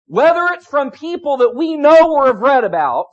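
A man with a very high voice preaches a sermon in a steady, building cadence. He repeats key phrases and throws rhetorical questions at the congregation. The recording is dull and lo-fi. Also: normal speed. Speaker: pastor.

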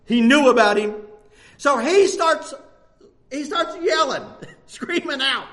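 A man preaching a sermon, animated, jumping between loud bursts and hushed lines and laughing often. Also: extremely high pitch, slow pace, pauses often.

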